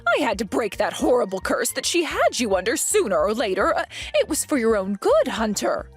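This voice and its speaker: A woman playing a controlling middle-aged mother-in-law who snaps with indignation and throws accusations, her higher voice leaping all over the place. There's a breathy edge to her tone, and soft music runs under it. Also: sing-song, normal speed. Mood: pleading. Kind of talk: voiced animated story drama.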